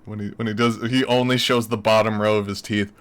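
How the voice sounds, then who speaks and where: A man's voice: lowish voice, little pitch movement, a little fast, fairly bright tone, smooth. A man streaming live, mocking a video in casual commentary and laughing often.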